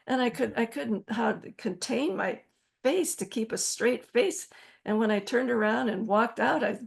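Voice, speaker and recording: A woman in her seventies, interviewed as an author, telling stories with animated energy and frequent laughter. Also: on the high side, moderate pace, vocal fry, breathy edge. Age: 70s. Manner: animated storyteller, acts out quoted voices, laughs often. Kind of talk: storytelling interview.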